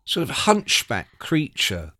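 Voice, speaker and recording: Slow-paced and slightly high-voiced, a man in his sixties who writes about music spins a lengthy, casual story as an interview guest. He's an animated storyteller who performs the quotes himself and swears heavily.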